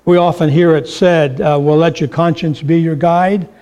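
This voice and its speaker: A man's voice: fairly high pitch, fairly even intonation, normal speed, dark tone. A man preaching a sermon, telling a story and acting out the voices in it.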